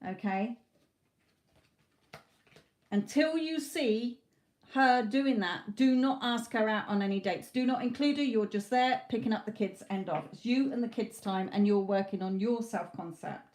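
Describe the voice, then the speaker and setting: A woman's voice: fairly high pitch, measured pace, a little mellow. A British woman doing a live psychic tarot reading, talking straight to a viewer with blunt, motherly advice and a repeated "okay?". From Britain.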